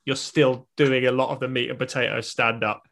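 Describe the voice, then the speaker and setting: A man's voice: medium pitch, steady tone, moderate pace, vocal fry, a bit bright. A man, a stand-up comedian, musing in casual chat with a self-deprecating manner.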